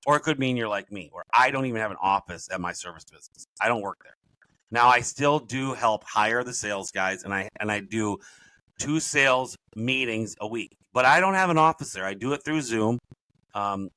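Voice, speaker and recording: Here a middle-aged man, a business coach on a podcast, recounts stories in a rambling way, often correcting himself, during a casual storytelling interview. His lowish voice comes across bright and forceful. The recording is dry and of poor quality.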